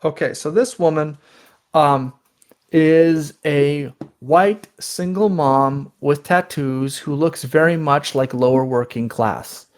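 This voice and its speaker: A man with a slightly high speaking voice talks through a story on a podcast. He explains at length, restarts phrases often and acts out what others said along the way. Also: slow. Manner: explanatory, with many restarts and quoted retellings. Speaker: podcast guest. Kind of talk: conversational interview.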